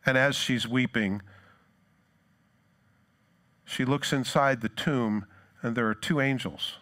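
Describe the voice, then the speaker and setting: A male pastor preaching a sermon, retelling scripture in a lively storytelling way and briefly acting out the people in it. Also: mid-range voice. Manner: animated storytelling, acts out quoted lines.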